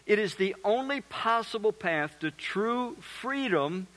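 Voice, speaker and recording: A man preaching a sermon as pastor, animated, acting out little voices and asking the crowd questions. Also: high-pitched, a little slow.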